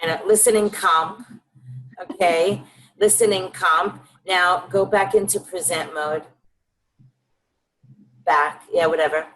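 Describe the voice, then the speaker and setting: Lower-voiced woman teacher on a video call, bossing a demo along step by step. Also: steady tone, fairly bright tone, a little hiss or hum, low-quality recording. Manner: brisk instructions, guiding a colleague. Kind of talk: directing a live demo. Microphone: computer mic on a video call.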